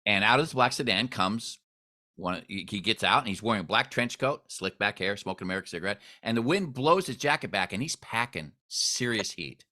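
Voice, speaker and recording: A man hosting an interview, telling a story with expressive swings in pitch and volume. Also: a little fast. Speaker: host.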